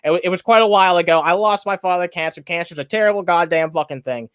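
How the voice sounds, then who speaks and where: A man's voice: sits high, quick pace, a bit bright, clear, resonant tone, no echo. A man hosting a livestream, ranting heatedly with lots of swearing and repeated restarts. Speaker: streamer host. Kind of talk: angry reaction livestream commentary.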